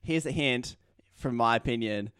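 A man's voice: medium pitch, normal speed, a bit bright, clean tone, no echo. Australian man, podcast host, bantering and rambling, very dry close sound. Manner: jokey, rambling, drops into playful role-play. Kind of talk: casual interview chat.

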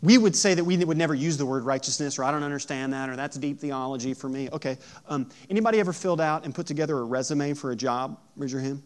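A man preaching a sermon. He moves from hushed storytelling to loud, emphatic preaching and asks the audience questions. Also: a little high, quick pace, few pauses. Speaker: pastor.

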